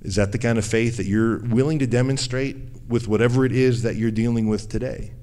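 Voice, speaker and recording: A male pastor giving a conversational sermon, acting out what people say and dropping to a low, quiet voice for emphasis. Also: fairly even intonation, fairly quick.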